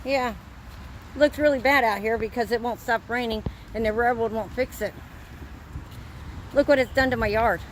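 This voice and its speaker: A woman's voice: on the high side, fairly even intonation, normal speed, pauses often, slight background noise. A woman filming her flooded back yard on her phone, upset and exasperated, telling the viewer again and again to look. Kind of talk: phone video walk-through, complaining. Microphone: handheld phone.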